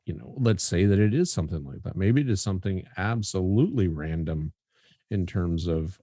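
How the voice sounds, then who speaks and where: A man co-hosting a podcast in loose, joking chat, his low, dark voice husky at the edges. His pitch swings lively as he rambles, and the sound is dry and close. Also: moderate pace, no room sound. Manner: joking, rambling, swearing casually. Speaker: podcast co-host. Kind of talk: casual chat.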